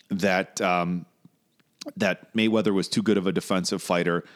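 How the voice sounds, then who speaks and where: A man's voice: sits low, steady tone, moderate pace. Rambling, profane podcast host man. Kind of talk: casual chat.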